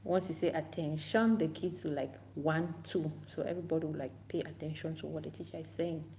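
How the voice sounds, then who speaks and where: A woman English teacher giving casual tips to camera, unhurried and repetitive, acting out classroom chants aloud. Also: low voice, steady tone, creaky, warm tone, a little hiss or hum.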